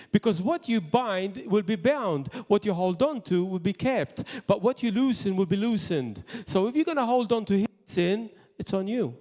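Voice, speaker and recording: High-voiced preaching man in a reverberant hall. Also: lively intonation, normal speed, few pauses. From Malta. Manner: impassioned preaching, swinging from loud high bursts to quiet asides. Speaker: pastor. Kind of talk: sermon. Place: church hall.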